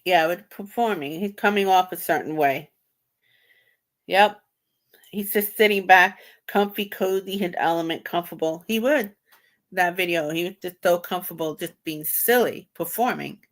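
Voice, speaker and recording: A woman hosting a tarot video, reacting to a clip and thinking aloud in halting, repetitive phrases with loose grammar. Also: lowish voice. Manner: halting, repeats herself, broken grammar. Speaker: tarot reader host. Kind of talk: casual thinking-aloud commentary.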